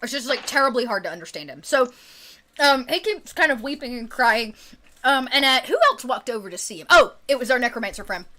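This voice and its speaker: A woman's voice: a little high, lively intonation, a little fast, sharp tone. A woman narrating as game master in a tabletop game, chatty and filler-laden. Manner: chatty, full of fillers and laughs.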